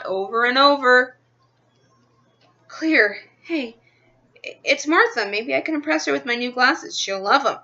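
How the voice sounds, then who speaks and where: A woman's voice: high voice, big pitch swings, unhurried, bright, forceful tone, dull audio. A woman reading a children's book aloud in the first person, expressively, into a webcam microphone. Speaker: reader. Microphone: built-in computer webcam mic.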